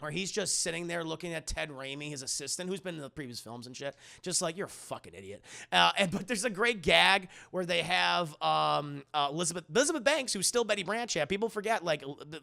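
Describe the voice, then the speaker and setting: A man casually reviewing a film for his live-stream chat, retelling scenes in an animated, swearing, joking way. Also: fairly high pitch, a little fast, vocal fry, few pauses.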